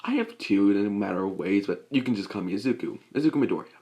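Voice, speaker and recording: A man voicing a confident, blunt teenage boy in a fan-made story, in a low, offhand everyday voice. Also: animated, fast talker, mellow, muffled recording.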